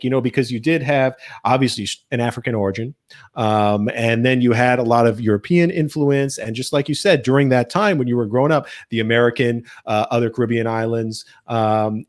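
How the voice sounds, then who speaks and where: A man hosting an interview, eagerly affirming his guest and asking long, winding questions. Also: mid-range voice. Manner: enthusiastic, affirming, lots of "right" and "man". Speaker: interviewer, host.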